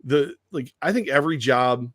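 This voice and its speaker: Animated, dry-sounding radio co-host man. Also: mid-range voice, moderate pace, no echo. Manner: animated, acts out quoted voices, swears casually. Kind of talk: casual sports talk chat.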